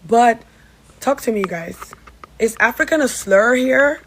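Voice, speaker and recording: A woman's voice: fairly high pitch, measured pace, a little hiss or hum, rough recording. Sassy woman from Gambia telling a story. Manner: animated, sassy, swears. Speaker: social media storyteller. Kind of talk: casual story time to camera.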